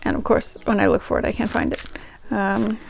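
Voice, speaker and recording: This diary-reading channel host has a medium-pitched voice with vocal fry and a level tone, and she talks fairly quickly. Her casual chat to viewers rambles on with plenty of ums and restarts, set against faint ragtime music.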